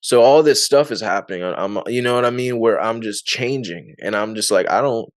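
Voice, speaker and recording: A man's voice: mid-range voice, a little fast, no room sound, clean studio sound. A man being interviewed, telling his story in a loose, rambling way with lots of fillers and frequent laughs. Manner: laughs often. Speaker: interview guest. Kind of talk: casual testimony.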